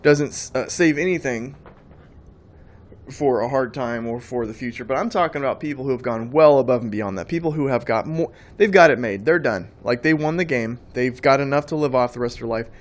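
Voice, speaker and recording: A man preaches in a plain, mid-pitched voice. He talks emphatically and loosely, circling back and repeating phrases as he builds his point. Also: a little fast. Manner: emphatic, rambling, repeats words. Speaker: Christian speaker. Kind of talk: preaching monologue.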